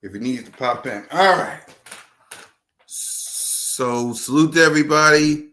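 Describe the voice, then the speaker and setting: A man hosting a casual sports livestream, shouting out viewers by name in a hyped, chatty way, a little out of breath. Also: on the high side, a little slow. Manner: hypes viewers, shouts out names. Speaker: host.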